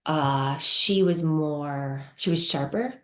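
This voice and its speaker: A woman's voice: low-pitched, slow. A woman talking as a guest skating analyst in casual, enthusiastic chat, with frequent fillers. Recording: roomy echo.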